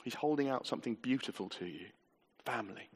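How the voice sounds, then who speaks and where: A man's voice: mid-range voice, expressive, fast, husky. Man preaching in a reverberant hall. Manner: earnest, conversational, with many rhetorical questions. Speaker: pastor. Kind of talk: sermon. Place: church hall.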